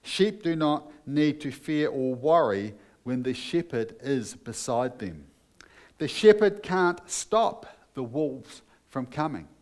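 A man's voice: mid-range voice, lively intonation, slow pace. A man preaching a sermon as pastor, earnest and emphatic, putting questions to his listeners.

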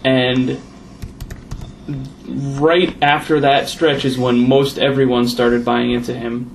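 A man with a gravelly, creaky voice who plainly lays out numbers in a casual sports chat. Faint room ambience sits behind him. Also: mid-range voice, level tone, takes it slowly, slight background noise. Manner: dry, matter-of-fact with stats. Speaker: podcast co-host.

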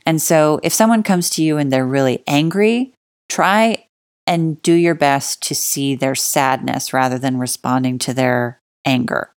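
Speaking a little slowly in an extremely low-pitched voice, this woman gives casual relationship advice with emphatic stress on key words. She chats with fillers such as "like" and "you know" and acts out sample dialogue, all captured in clean studio sound with no room noise.

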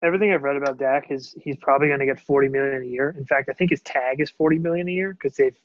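A man's voice: medium pitch, racing, no room sound. A man co-hosting a casual sports podcast, talking bluntly and swearing casually. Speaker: podcast co-host. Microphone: wireless earbuds, then switched mic. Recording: dull, dry lo-fi audio.

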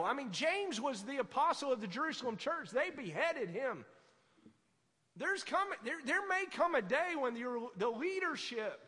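A man preaching a fervent sermon, swinging from quiet asides to loud exhortation. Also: very high-pitched, long reverb tail. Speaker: pastor.

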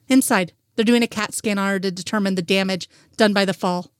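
A woman's voice: medium pitch, steady tone, brisk, clean tone, no room sound, lightly acted. Woman narrator doing a resentful dad, cold and blaming, dry close recording. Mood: cold, angry. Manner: cold and accusing. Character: bitter, angry father.

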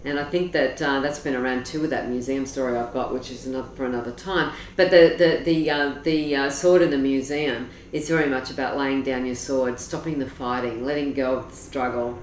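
A woman's voice: rumbling low, steady tone, a little fast, hardly any pauses. A woman, an astrologer being interviewed, telling stories with eager, wandering enthusiasm. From Australia. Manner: enthusiastic, digressive storytelling. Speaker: astrologer guest. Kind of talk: interview conversation. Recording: roomy, distant mic with faint noise.

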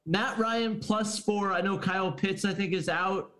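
Give me a man with a high voice, bantering defensively over sports bets. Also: unhurried, a bit bright. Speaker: sports betting co-host. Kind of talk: casual sports betting chat.

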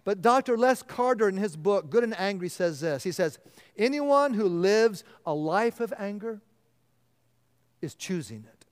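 Man preaching a sermon, high clear voice, earnest, hushed emphasis, long hall reverb. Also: animated, a little slow. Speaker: pastor.

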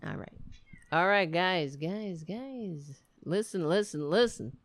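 Slow gravelly woman hosting a livestream. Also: on the low side, lively intonation, no echo. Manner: sarcastic, profane, tired. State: exhausted. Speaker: livestream show host. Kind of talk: casual late-night livestream chat. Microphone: desk mic at a computer.

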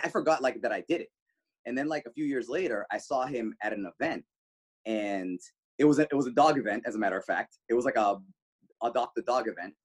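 A male radio host, the guest, telling animated stories casually, swearing freely. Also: slightly rough. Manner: animated, swears freely, jumps pitch for quoted lines. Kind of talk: casual storytelling.

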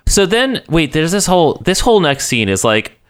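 Give me an animated man co-hosting a podcast, higher pitched and swearing casually. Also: normal speed, smooth. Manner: animated, swears freely, laughs often. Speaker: podcast co-host. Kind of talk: casual recap chat.

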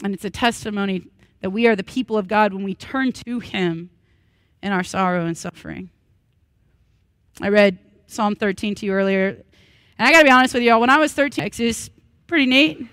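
A woman in her thirties preaching a sermon at a church worship service. She speaks earnestly and breaks into lively, humorous asides. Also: medium pitch, a little fast, long pauses, no room sound. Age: 30s. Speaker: pastor.

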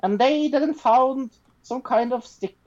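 A woman voicing an excited eight-year-old Swedish girl in a mock Swedish accent, high and breathless like a child telling a story. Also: slow pace, dull audio.

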